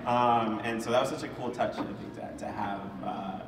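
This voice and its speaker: A man talking casually on a convention panel about voicing a role, animated and laughing often between restarts. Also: on the low side, normal speed. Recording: echoey hall from far off, noisy.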